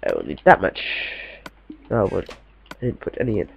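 A man's voice: deep voice, wildly swooping pitch, a little fast, creaky, husky, highs cut off. A young man giving casual, chatty commentary while playing a game, talking to himself in a slightly posh way. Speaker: gamer.

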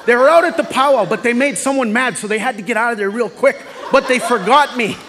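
A man performing a stand-up comedy set on a theatre stage, telling animated stories that build to shouted chants. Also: extremely high pitch, fast, long reverb tail, noisy background. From Canada. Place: theatre stage before a live audience. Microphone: stage microphone. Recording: live theatre taping with audience laughter.

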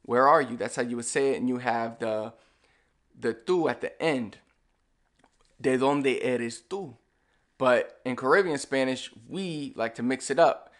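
A young man giving a casual video lesson as a Spanish teacher, talking to the viewer in a relaxed, chatty way. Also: medium pitch, normal speed. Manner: relaxed and chatty, with frequent fillers and "all right"; speaks to the viewer directly, explaining step by step.

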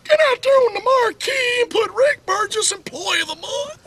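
A man putting on a wheezy high-pitched fat car-wash boss. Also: lively intonation, moderate pace, noisy background. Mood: bossy. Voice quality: high-pitched and wheezy, breath cut short at phrase ends. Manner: barking, demanding.

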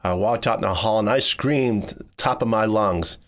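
A man narrating a personal story in the first person, voicing it expressively and jumping higher when he quotes people. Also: normal speed. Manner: expressive, jumps high when quoting people.

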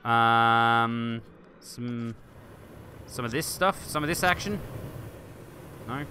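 A man hosting a game video, thinking aloud and getting excited as he chats to objects on screen. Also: medium pitch, slow pace, noisy background. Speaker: gaming video host. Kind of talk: let's play commentary.

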